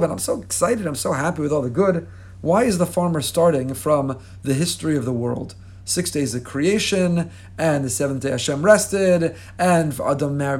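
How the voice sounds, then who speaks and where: Animated man giving a Torah class. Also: a little high. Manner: animated, expressive, with humorous asides to listeners; chants Hebrew verses, then translates them. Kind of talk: lively Torah lecture.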